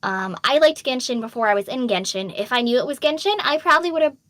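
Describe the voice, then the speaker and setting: A woman's voice: high-pitched, animated, fast, fairly bright tone, no echo. A young adult woman voice actor with a slight Boston accent, candidly answering fan questions in a casual chat full of ums and laughs. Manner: chatty and candid, reads questions aloud, frequent ums and laughs. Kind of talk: casual Q&A stream.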